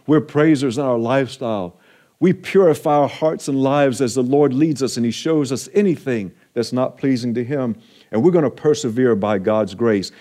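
A man pastor preaching an earnest, encouraging sermon, slowing down for emphasis. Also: medium pitch, warm tone.

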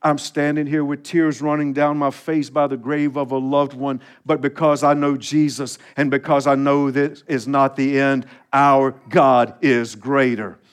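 A man's voice: on the high side, little pitch movement, normal speed, hardly any pauses, clean tone. A male pastor preaching a sermon, reading scripture aloud, leading the congregation in call and response and building emphatic repeated refrains. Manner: preaching with rising, emphatic repetition.

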